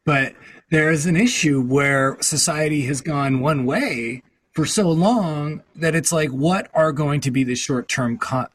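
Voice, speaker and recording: A man's voice: a little high, unhurried, poor audio. A man hosting a casual chat, rambling along with many fillers and restarts.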